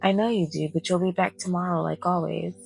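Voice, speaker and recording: A woman reading the lines of a tearful nine-year-old girl who pleads not to be left, in a soft-spoken bedtime story. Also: lowish voice, steady tone, a little fast, vocal fry, soft background music. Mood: worried.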